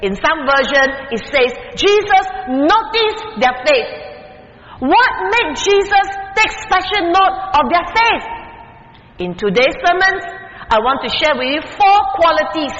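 A guest preacher delivering a sermon from the pulpit, speaking deliberately and stressing key words with rising emphasis. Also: extremely high pitch, big pitch swings, pushed and bright. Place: church sanctuary at the pulpit. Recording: dull lo-fi sound in a reverberant hall.

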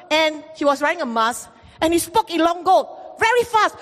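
A woman pastor preaching a sermon, telling stories in an animated way and acting out the voices in them. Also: very high-pitched, normal speed. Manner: animated storytelling, acts out quoted voices, repeats phrases. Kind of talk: sermon with storytelling. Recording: long reverb from a hall.

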